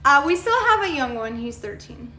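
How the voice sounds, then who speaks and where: Very animated and bright, with a forceful tone, the livestream host speaks at normal speed in a fairly high voice while faint music plays behind. She rambles with fillers and chats bluntly and profanely, answering viewer comments in an echoey room with faint background noise.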